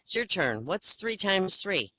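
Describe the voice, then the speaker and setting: A man playing a doctor who asks questions slowly and over-clearly. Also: high-pitched, big pitch swings, sharp tone, dry recording, pitched above the performer's own voice, full character voice. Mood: patronizing. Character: patronizing male asylum doctor.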